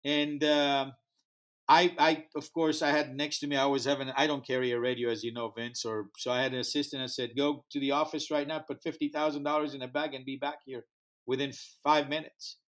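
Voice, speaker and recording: A man who founded a music festival tells an interview story in animated fashion, acting out quoted dialogue in slightly non-native English. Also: medium pitch, fairly quick.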